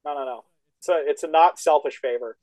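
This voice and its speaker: A man co-hosting a casual comedy podcast, excitable and teasing, swearing often. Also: fairly high pitch, fairly quick, poor audio. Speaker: co-host, comedian. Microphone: remote call. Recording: dry remote call audio.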